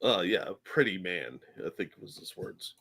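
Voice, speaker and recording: Bright-voiced mocking man. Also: low voice, sing-song, moderate pace, vocal fry, breathy edge. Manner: laughing, mocking, nerdy asides. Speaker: podcast co-host. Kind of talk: casual chat.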